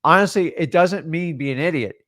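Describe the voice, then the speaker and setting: A man's voice: a little high, a little fast, fairly bright tone, no room sound, studio quality. A man co-hosting a real estate training, speaking in an emphatic, motivational style with short punchy lines and rhetorical questions. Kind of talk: motivational coaching talk.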